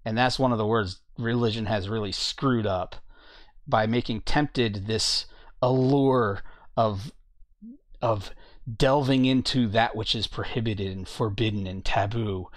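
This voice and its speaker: A man's voice: on the low side, a little slow, no echo. A man giving a bible teaching, reading verses aloud and commenting on them plainly. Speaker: preacher.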